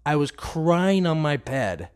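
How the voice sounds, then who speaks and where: A man's voice: a little high, sing-song, takes it slowly, a little mellow, clear, resonant tone. A man telling an earnest, confessional faith testimony, often restarting his sentences.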